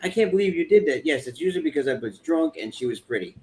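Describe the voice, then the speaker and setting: A man's voice: fairly high pitch, sing-song, fast talker, darkish tone. Dry, teasing man. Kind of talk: casual chat.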